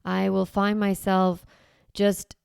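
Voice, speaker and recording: A woman's voice: medium pitch, monotone, slow pace, creaky, darkish tone, clear, resonant tone, no room sound, clean studio sound. A middle-aged woman hosting a parenting show, talking through ideas in a conversational, reflective way and often correcting herself mid-sentence. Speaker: parenting coach and podcast host. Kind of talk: casual teaching monologue.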